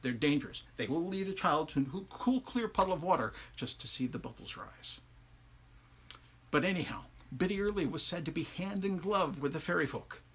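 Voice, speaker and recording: A male storyteller spinning an old folktale with lively asides to his audience. His voice sits a little high, bright and forceful, with a husky grain. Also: normal speed. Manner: conversational, asides to listeners, animated. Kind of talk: oral folktale telling on a livestream.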